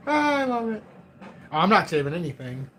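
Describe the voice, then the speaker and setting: A man's voice: high-pitched, a bit bright, slight background noise. A man in his forties hosting a crypto livestream, chatting casually in a rambling, joking, self-mocking way. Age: 40s.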